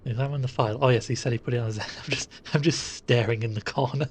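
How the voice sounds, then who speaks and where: A man's voice: medium pitch, fairly even intonation, fast, a little hiss or hum. A man casually commenting while playing a game live, chatty and jokey with rambling asides.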